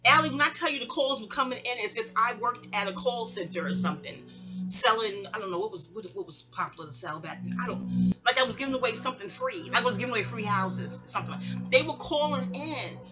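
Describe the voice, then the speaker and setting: A woman's voice: fast, music in the background. A middle-aged woman telling a long, rambling personal story and acting out the people in it. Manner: animated, digressive, acts out quoted voices with sharp pitch jumps.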